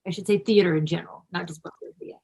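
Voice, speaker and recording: Effusive woman with a gravelly voice. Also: lowish voice, steady tone, rapid-fire, darkish tone, poor audio. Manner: effusive, gushing, restarts sentences. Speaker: actress interviewed. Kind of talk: casual interview talk.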